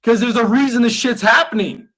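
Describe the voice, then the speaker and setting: Young man, co-host type: slightly raised pitch, blunt, profane, motivational push. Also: normal speed, fairly bright tone. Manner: blunt, emphatic, swears constantly, motivational lecturing. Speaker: podcast co-host. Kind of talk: casual podcast chat.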